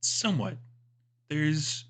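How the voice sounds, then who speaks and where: A man's voice: on the high side, sing-song, takes it slowly, fairly bright tone. A man narrating a tabletop game as game master, describing scenes in a loose, rambling way.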